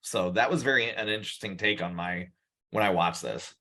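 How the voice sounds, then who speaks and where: Bright-voiced emphatic podcast man. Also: lowish voice, fairly quick. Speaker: podcast co-host. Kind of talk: casual film discussion.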